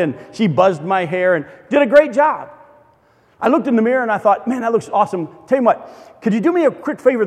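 A man preaching a sermon, telling a story in a conversational, humorous way. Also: high voice. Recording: long reverb of a large hall.

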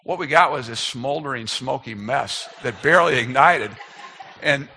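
A man's voice: medium pitch, normal speed, bright, forceful tone, slight background noise. A man in his fifties, a speaker telling a self-deprecating, humorous personal story as part of a sermon.

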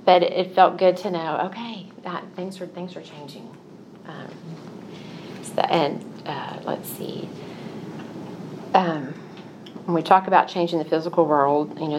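Woman, middle-aged, lowish pitch, earnest, confessional faith talk, faint background noise. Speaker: Christian speaker. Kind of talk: personal faith teaching talk.

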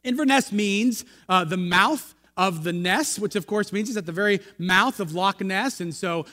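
A high-pitched, bright American male pastor tells a rambling, self-deprecating story from the pulpit. He stops often to toss asides to the congregation. The voice rings out through a long church-hall reverb. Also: normal speed. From United States. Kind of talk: sermon storytelling. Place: church sanctuary.

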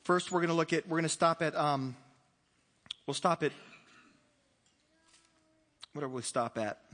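Male pastor, sermon, high bright voice, animated storytelling, playful asides, long hall reverb. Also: unhurried.

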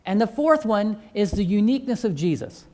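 A man's voice: sits high, big pitch swings, a little fast, a little mellow. A man who teaches a church faith course, telling a testimony story and acting out both sides of the conversations.

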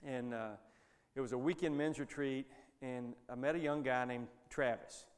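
Man, preacher, folksy rambling storytelling, middle pitch, long hall reverb. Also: fairly even intonation, normal speed. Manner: folksy, rambling, with many restarts. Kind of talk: sermon storytelling.

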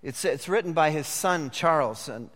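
Brief: male preacher, high and bright, emphatic, long hall echo. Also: expressive, moderate pace. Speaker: pastor. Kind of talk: sermon.

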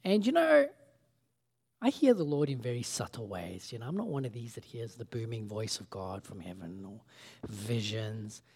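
A man's voice: fairly low pitch, big pitch swings, moderate pace, creaky, a little mellow, breathy edge. A man preaching a sermon, telling a story in a casual, conversational way and acting out the dialogue. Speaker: pastor.

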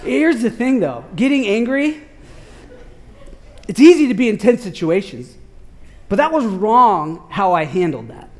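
Male preacher, high voice, loose and animated, slangy storytelling from the pulpit. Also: unhurried, long pauses. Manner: animated, slangy, many "like" fillers. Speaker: pastor. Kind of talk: casual storytelling sermon.

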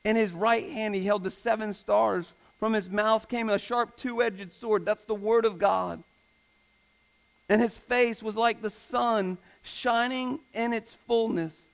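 A man's voice: high-pitched, steady tone, takes it slowly, creaky, rough recording. A man in his thirties preaching a sermon, earnest and fond of repeating phrases for emphasis. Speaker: pastor.

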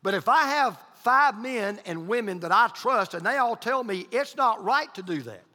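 A man's voice: sits high, animated, moderate pace, bright, forceful tone. A male pastor preaching a sermon, emphatic and repeating his key points. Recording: long hall reverb.

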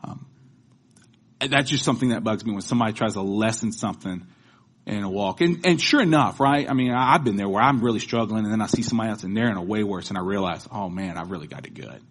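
A man's voice: on the low side, quick pace, slightly rough. A man preaching a sermon, moving from conversational talk to rhythmic proclamation. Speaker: pastor.

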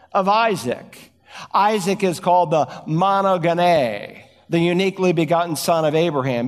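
A man preaching a sermon, telling stories and slowing down to stress key words. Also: fairly high pitch, big-room sound. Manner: storytelling preacher, varied emphasis, slows for key words. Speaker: pastor.

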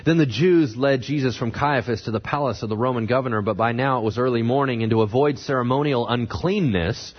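A man's voice: fairly quick, few pauses, highs cut off. A man preaching a sermon, reading scripture and commenting on it, acting out the lines of the people in the story. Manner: dramatic, voices the characters with big pitch swings. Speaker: pastor.

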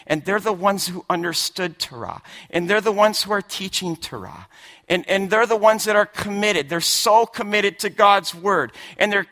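Preacher, man; emphatic sermon delivery, bright and pitched a bit high, drops low then builds to shouts. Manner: emphatic, repeats words, swings from hushed to shouting. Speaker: pastor.

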